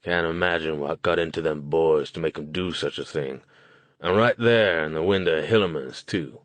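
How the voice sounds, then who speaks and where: A man voicing a gruff old small-town motel keeper. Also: extremely low pitch, normal speed, a bit bright, no echo, pitched below the performer's own voice. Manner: folksy rural speech, blunt. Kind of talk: audiobook character voice.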